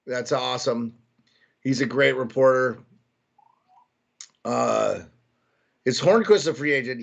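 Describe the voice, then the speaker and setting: Casual gravelly-voiced man hosting a live stream. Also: mid-range voice, fairly bright tone, lo-fi sound. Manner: casual, greets chat viewers by name, thinking aloud. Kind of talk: live chat commentary.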